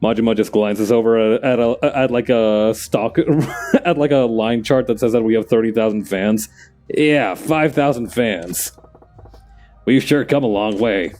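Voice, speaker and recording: A man's voice: medium pitch, a little slow, a little mellow. A man making loose, joking asides while dubbing a game himself. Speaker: fan dubber and streamer. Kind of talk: casual commentary between lines.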